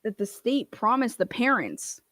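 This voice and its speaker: A woman's voice: fairly high pitch, sing-song, pushed and bright, no echo. Profane, combative woman ranting up close. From Ohio. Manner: fast, profane and combative, acts out other voices. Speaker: commentary channel host.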